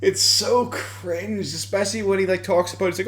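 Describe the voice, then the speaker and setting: A man's voice: sits high, fairly even intonation, normal speed, few pauses, fairly bright tone. A drunk Irish man from Dublin rambling through mocking commentary, swearing often and laughing between lines. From Ireland.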